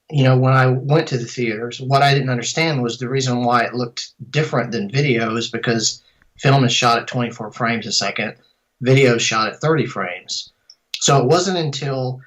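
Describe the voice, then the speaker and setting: A man's voice: mid-range voice, fairly bright tone, rough recording. Rambling middle-aged man telling his story. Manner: rambling, self-correcting storyteller. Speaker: filmmaker and composer. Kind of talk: casual interview answers.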